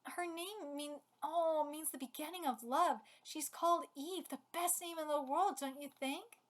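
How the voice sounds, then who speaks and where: A woman reading the lines of an enemy soldier who is a loving father, in a quiet, confessional way. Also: high voice, unhurried. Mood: doting.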